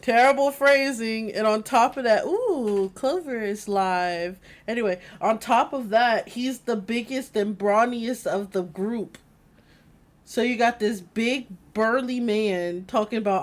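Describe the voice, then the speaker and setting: A woman's voice: a little high, takes it slowly. A woman streaming a game, chatting casually, rambling through stories and laughing often.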